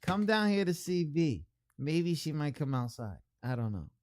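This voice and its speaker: A man's voice: a little high, big pitch swings, moderate pace, a little hiss or hum. Chatty man hosting a radio stream. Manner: rambling, chatty, reads out chat with shout-outs. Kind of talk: casual livestream chat.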